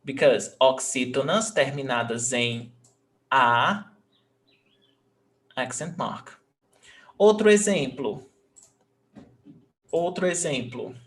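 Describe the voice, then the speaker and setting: Slow, patient teacher. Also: male voice, mid-range voice, a bit bright. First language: Portuguese. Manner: patient, repeats words slowly for learners. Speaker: Portuguese teacher. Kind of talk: live online language lesson.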